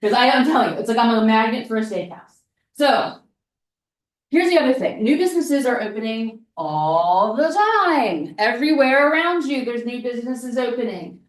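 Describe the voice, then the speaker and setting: Woman presenter, a bit high-pitched, casual and animated, miked from afar in a roomy space. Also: normal speed. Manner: chatty and animated, fond of "like" and "right?"; repeats points for emphasis. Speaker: workshop presenter. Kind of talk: casual seminar talk. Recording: echoey room, mic at a distance.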